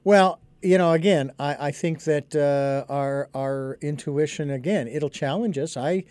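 A middle-aged male host with a rather high voice speaks in an unhurried, thoughtful way, pausing often on small fillers. The recording is close and dry, with no room sound. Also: darkish tone, smooth, no echo. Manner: thoughtful, hesitant, many uh fillers. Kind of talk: casual conversation.

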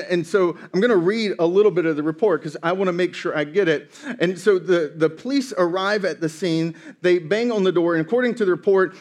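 A man preaching a sermon, telling a story with playful, animated asides. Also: fairly high pitch. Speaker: pastor.

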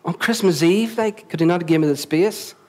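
A man's voice: sits high, a little fast, a little mellow, low-quality recording. A Northern Irish man preaching a sermon as pastor, chatty, often questioning the congregation and repeating himself. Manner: conversational, asks the congregation questions, repeats words. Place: church venue before a congregation.

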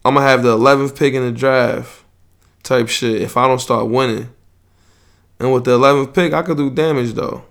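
A man's voice: medium pitch, flat delivery, moderate pace, gravelly, fairly bright tone. A young man, hosting a podcast and rambling loosely and profanely in casual sports chat. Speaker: podcast host.

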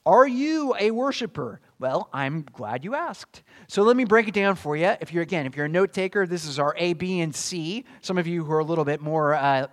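A man with a high, light voice delivers a sermon as a pastor. He preaches earnestly, poses question after question to his listeners, and rises into emphatic bursts before dropping back down.

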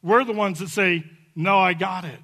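Preaching at church, this male pastor shifts between soft entreaties and impassioned calls before guiding an altar call and prayer. His voice is high and his speed normal.

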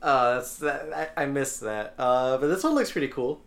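A man co-hosting a podcast, talking casually and hesitantly with many pauses and uh's. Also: medium pitch, a bit bright. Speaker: podcast co-host. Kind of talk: casual chat.

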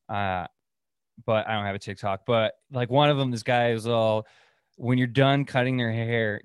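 A young man from Oregon rants through his own podcast, swearing freely and cracking himself up as he rambles. His voice sits in an ordinary middle pitch. The sound is dry and close to the mic. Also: a bit bright, clean tone, dry recording. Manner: profane, rambling, laughs at his own stories. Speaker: podcast host. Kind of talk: casual solo rant.

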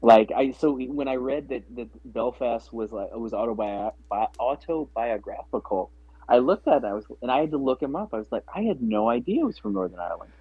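A man's voice: mid-range voice, lively intonation, a little fast, slightly rough. A man chatting casually about films, rambling with many restarts and fillers. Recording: dry, phone-like narrow sound.

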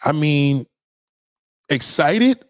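Loud, blunt man ranting over music. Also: a little high, expressive, very slow, dry recording, studio quality. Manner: exclaims constantly, blunt and loud, preachy to listeners. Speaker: online show host reacting to songs. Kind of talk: loose profane commentary over music.

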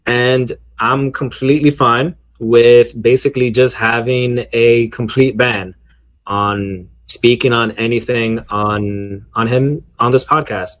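A man co-hosting a podcast, speaking in a measured way with some hesitations. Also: mid-range voice, steady tone, a bit bright. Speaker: podcast co-host. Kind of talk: casual podcast chat.

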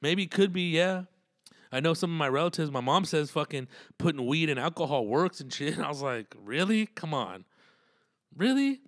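A man's voice: on the high side, brisk, a bit bright, no room sound, clean studio sound. A man telling road stories in a casual, profane, rambling monologue and laughing often.

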